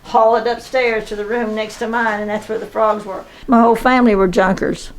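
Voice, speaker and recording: A woman's voice: fairly high pitch, flat delivery, a little fast, poor audio. Folksy woman in her nineties. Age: 90s. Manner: chatty, folksy, laughs through her stories. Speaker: frog museum owner. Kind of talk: casual storytelling tour. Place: indoor shop museum full of collectibles.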